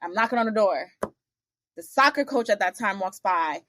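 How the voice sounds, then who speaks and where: A woman guest on an interview podcast, telling lively stories about her career, acting out the voices of the people in them, with blunt, salty asides. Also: mid-range voice, moderate pace, no room sound. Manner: animated, acts out the other people in her stories. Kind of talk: casual storytelling interview.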